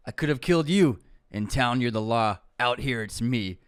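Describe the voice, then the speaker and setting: A man reading the threats of a hardened action-film soldier in a low, gruff voice. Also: animated, normal speed, no room sound, clean studio sound, natural voice. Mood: threatening. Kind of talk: movie quote reading.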